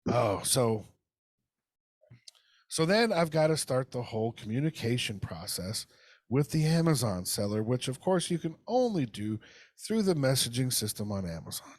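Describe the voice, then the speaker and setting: A medium-pitched man co-hosts a casual, ranty podcast, very animated at a moderate pace. He spins a heated story full of profanity and acts out phone calls, recorded in studio quality without echo.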